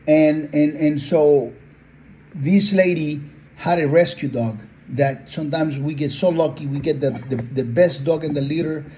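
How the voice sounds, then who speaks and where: A man's voice: fairly high pitch, measured pace, warm tone, slight background noise, rough recording. A man, a dog breeder, telling heartfelt stories in an earnest, conversational interview. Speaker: pit bull breeder.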